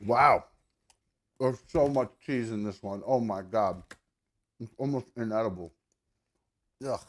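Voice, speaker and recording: A podcast host with a fairly low voice, speaking a little slowly, runs a casual show while forcing his way through an eating challenge. He groans and swears, sweating and straining between bites.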